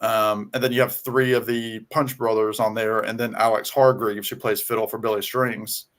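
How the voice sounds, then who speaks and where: A man with a Southern US twang, talking casually on a video call and pausing often with ums and restarts. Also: fairly low pitch, little pitch movement, fairly bright tone. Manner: halting, many ums and restarts. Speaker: guest on music chat. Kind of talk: casual conversation.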